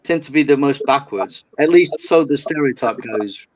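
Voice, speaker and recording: A man's voice: mid-range voice, lively intonation, moderate pace, background noise. A male caller making wry, hedging remarks on a call-in show.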